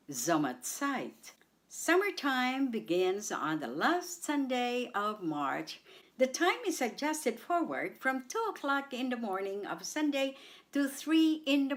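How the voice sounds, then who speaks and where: A woman hosting a radio language segment, spelling out words and saying them syllable by syllable for listeners to repeat. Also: a little high. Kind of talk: slow scripted language lesson. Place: radio studio.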